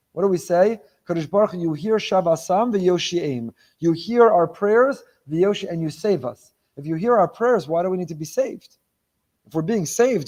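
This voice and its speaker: A rabbi giving a sermon on the weekly Torah portion. He asks rhetorical questions, stacks phrases for emphasis, and mixes Hebrew terms into his English. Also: sits high. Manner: animated, repeats phrases for emphasis.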